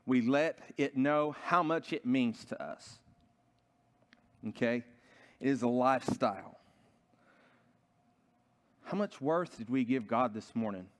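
A man's voice: mid-range voice, takes it slowly, pauses often. A man preaching a sermon in a church, telling a story earnestly and often restarting his sentences. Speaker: pastor.

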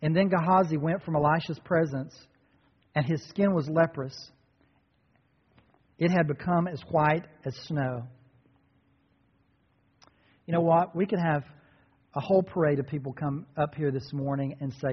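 Animated preaching man, husky, echoing hall. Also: fairly high pitch, unhurried, pauses often. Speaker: pastor. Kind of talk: sermon. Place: church sanctuary. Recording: dull sound in a reverberant hall.

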